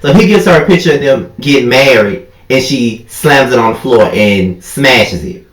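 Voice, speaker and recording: Young male vlogger, sassy and profane, jumps high when outraged, roomy echo. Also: expressive, moderate pace, a bit bright. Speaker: YouTube TV recap host. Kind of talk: casual reality-TV recap rant.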